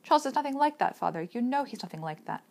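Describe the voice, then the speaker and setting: A woman's voice: fairly high pitch, lively intonation, fairly quick, voice pushed up. A woman voicing a frightened teenage girl who pleads urgently and in anguish, raising her voice, in an audiobook reading. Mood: anguished pleading.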